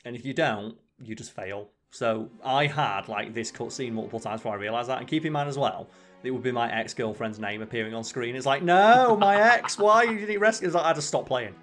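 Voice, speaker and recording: Man, let's play host, casual rambling chatter with swearing, mid pitch, faint music bed. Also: a little fast, fairly bright tone. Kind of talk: casual gaming chat.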